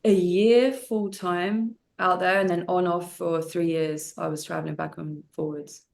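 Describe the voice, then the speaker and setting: Lively actress with low-set voice. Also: female voice, vocal fry. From United Kingdom. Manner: animated, quick to laugh, many fillers and restarts. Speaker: actress and martial artist guest. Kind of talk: casual interview chat.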